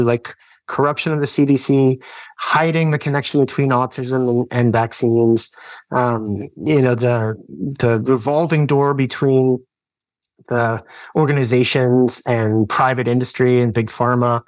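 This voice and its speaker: A man in his thirties recounting a turning point in his life as a podcast guest. He talks earnestly and rambles, stopping and restarting his sentences with lots of fillers. His voice sits at an ordinary pitch and is recorded close and dry, with no room echo. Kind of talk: personal storytelling in casual chat.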